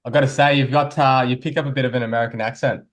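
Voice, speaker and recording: A man hosting a relaxed interview. He speaks at a plain middle pitch and keeps things friendly and upbeat as he sets up each question. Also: racing. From Australia. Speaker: podcast host. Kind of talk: casual interview chat.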